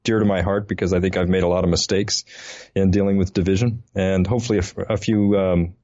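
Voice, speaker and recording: A man co-hosting a podcast who tells a story in an animated way. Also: sits low, quick pace, no room sound, lo-fi sound. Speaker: podcast co-host. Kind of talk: casual podcast chat.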